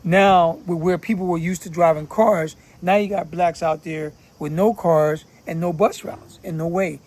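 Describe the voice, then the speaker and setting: A man's voice: a little high, fairly even intonation, moderate pace, darkish tone. A man from Philadelphia giving casual commentary, talking bluntly in profane street slang. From Philadelphia, USA. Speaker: channel host giving commentary.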